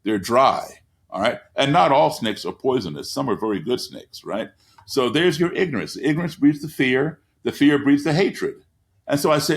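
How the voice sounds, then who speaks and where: A man's voice: medium pitch, lively intonation, moderate pace. A man telling stories as a guest in an interview, speaking with an emphatic, repetitive cadence from his living room over a video call. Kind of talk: storytelling in an interview.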